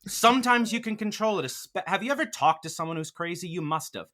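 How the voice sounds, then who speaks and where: A man with a bright, forceful voice pitched a little high argues hard in a casual podcast debate. He is animated and combative and swears freely. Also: brisk. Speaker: podcast host arguing the defense.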